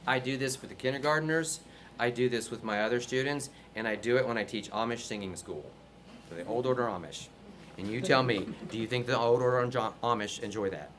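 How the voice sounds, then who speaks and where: A man from North Carolina leads a music workshop for teachers in a chatty, upbeat way, laughing often between points. His voice sits at an ordinary middle pitch. Faint background noise runs under the talk.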